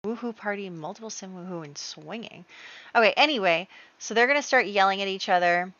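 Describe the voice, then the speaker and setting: A woman's voice: mid-range voice, fairly quick, pushed and bright. A woman giving casual, chatty, rambling commentary over her game play. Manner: chatty, rambling, many fillers. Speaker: gaming video creator. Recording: dull lo-fi dry recording.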